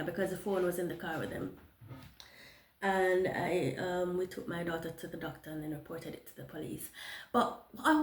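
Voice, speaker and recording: A woman telling a personal testimony, animated, with many restarts and acted-out dialogue. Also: mid-range voice, roomy sound. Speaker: motivational storyteller.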